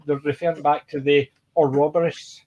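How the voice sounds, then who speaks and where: A man's voice: fairly high pitch, level tone, normal speed, dark tone, muffled recording. A man chatting casually about a TV show, rambling and restarting his sentences. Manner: rambling, restarts often, laughs while retelling jokes. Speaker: podcast co-host. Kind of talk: casual TV discussion.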